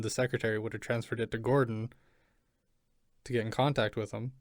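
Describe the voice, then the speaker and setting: A man's voice: medium pitch, flat delivery, a little fast, long pauses, no room sound, studio quality. A man co-hosting a podcast in casual chat, insistent about his points and leaning on filler words. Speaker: podcast co-host.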